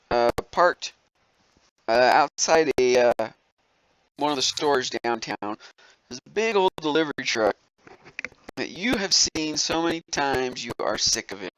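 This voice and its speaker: A man's voice: on the high side, lively intonation, takes it slowly, long pauses, a bit bright, no echo, rough recording. A man from southern Alabama running a tabletop game as game master, chatty and often laughing, with many fillers. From southern Alabama, USA.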